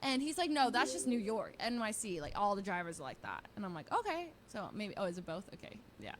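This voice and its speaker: A young woman casually telling a story on stream, giggling often and quoting people in lively voices. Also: mid-range voice, a little fast, a little hiss or hum. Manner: chatty, giggly, quotes people in animated voices.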